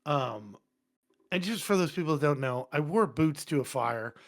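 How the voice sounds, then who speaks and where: Man, firefighter, casual storytelling, profane, blunt, animated, podcast studio. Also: a little high, moderate pace.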